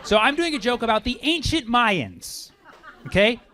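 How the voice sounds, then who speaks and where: A man doing a brash, animated stand-up set with crowd work on a comedy club stage. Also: extremely high pitch, normal speed, slight background noise. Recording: live club recording with loud crowd. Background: audience laughter.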